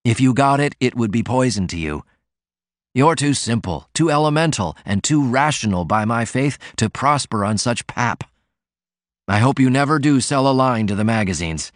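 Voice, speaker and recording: A male reader gives voice to a sickly, sardonic poet who pours scorn on critics and magazines. His lines come out as passionate, declaiming rants, even in pitch and set in a dry, close sound. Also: no echo, lightly acted.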